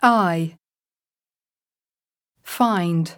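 Woman, vocabulary drill reading, very slow, deliberate enunciation, dry close recording. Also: medium pitch, lively intonation, no room sound. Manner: clear, deliberate word-by-word enunciation. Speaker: language teacher reading vocabulary.

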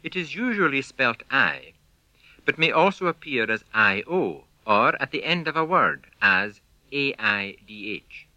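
A man teaching pronunciation in a slow, measured scripted lesson, demonstrating each sound. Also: mid-range voice, very animated, sharp tone, dry recording, muffled recording. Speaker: language teacher.

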